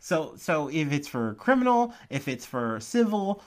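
A man's voice: fairly high pitch, big pitch swings, a little slow. A man from Ohio, hosting a podcast and rambling through casual news commentary with lots of fillers and swearing. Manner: rambling, profane, with frequent fillers and laughs. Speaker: podcast host.

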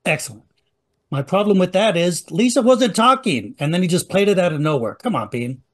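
A man's voice: high-pitched, lively intonation, brisk. A man hosting a podcast, chatting casually and joking as he introduces old radio clips. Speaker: podcast host. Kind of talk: casual recap chat.

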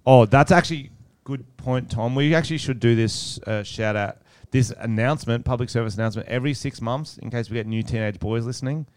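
A young man banters on a casual podcast, his voice smooth and resonant at a middling pitch. He jokes freely and gets loud when he hams it up. The sound is dry and close. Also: a little fast, few pauses, dry recording. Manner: joking, loud bursts, puts on silly voices. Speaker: podcast co-host. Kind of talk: casual chat.

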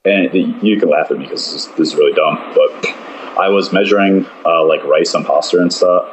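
Very deep-voiced man, rambling casually. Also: a little fast, slight background noise, rough recording. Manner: loose and rambling, with many fillers. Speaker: podcast guest. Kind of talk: casual chat.

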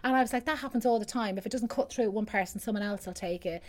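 A woman's voice: medium pitch, fast, a crowd in the background. A middle-aged Irish woman, a singer guest, telling rambling stories in casual chat with lots of restarts. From Ireland. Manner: chatty, rambling storyteller with many restarts.

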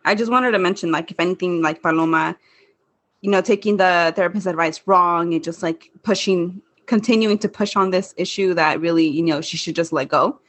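A woman's voice: lowish voice, fairly quick. Giggly young woman recapping a show. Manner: laughs often, fillers "like", acts out quotes. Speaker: podcast co-host. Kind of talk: casual chat recapping a TV show.

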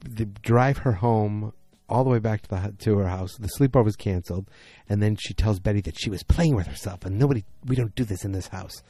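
A man's voice: lowish voice, fairly quick, hardly any pauses, dark tone, no room sound, faint music behind. A tired man recapping a TV episode late at night in a casual, rambling way, full of fillers and restarts.

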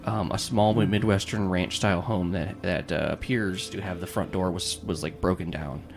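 A man's voice: low voice, steady tone, moderate pace, creaky, music in the background. A man narrating as game master in a casual way, with many fillers.

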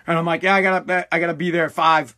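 A man's voice: fairly high pitch, flat delivery, fast, pushed and bright. A man telling a casual story bluntly, full of swearing and restarts. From Massachusetts.

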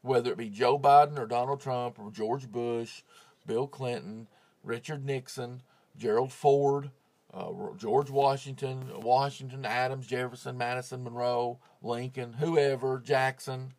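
A man hosting his own podcast, recorded in a home closet on a phone with a clip-on mic, talking in a casual, profane rant that swings into loud, heated outbursts. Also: mid-range voice, steady tone, a little slow. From United States. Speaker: podcast host. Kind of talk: casual ranting monologue.

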